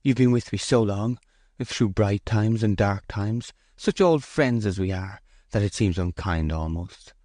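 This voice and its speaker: A man's voice: on the low side, measured pace, warm tone, no room sound, clean studio sound, natural voice. Man voicing a proud grieving young farm mistress. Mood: dismayed. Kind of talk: audiobook character voice.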